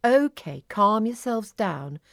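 A woman voicing Lily, a brave and bossy young female fairy in a children's story, with a lively, take-charge manner. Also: mid-range voice, slow pace, vocal fry, dry recording, clean studio sound, voice pushed up, exaggerated voice. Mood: bright.

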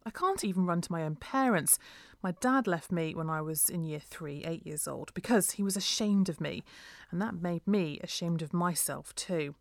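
A woman's voice: lowish voice, animated, moderate pace, dry recording, studio quality. A woman reading a first-person story aloud in an earnest, emotional way.

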